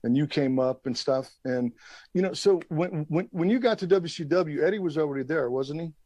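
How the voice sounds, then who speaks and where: A man's voice: fairly high pitch, fairly quick, dark tone, no echo, dull audio. A man hosting a podcast interview, asking long rambling questions with lots of fillers and some swearing. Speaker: podcast host. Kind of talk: casual interview.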